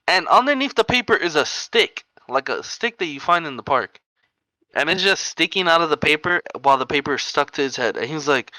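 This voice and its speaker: A man's voice: fairly high pitch, animated, a little fast, bright, forceful tone, no room sound, poor audio. A young man from New York co-hosting a podcast, telling rambling, laughing anecdotes full of "like" and "bro". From New York area. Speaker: podcast co-host. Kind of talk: casual storytelling chat.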